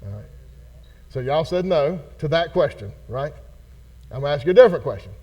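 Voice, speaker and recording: A man leading a casual Bible study, folksy and animated, acting out the characters as he teaches. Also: fairly high pitch, brisk. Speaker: pastor. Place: church hall.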